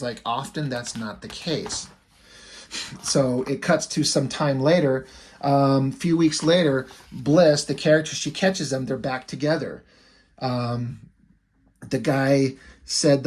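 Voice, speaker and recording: A man casually recapping a comic book story in a rambling, filler-heavy way, swearing freely. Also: medium pitch.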